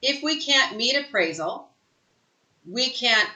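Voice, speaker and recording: A woman's voice: a little high, animated, takes it slowly, pushed and bright, echoey room, highs cut off. A woman coaching real estate agents in a live training session, talking emphatically and often checking in with "right?".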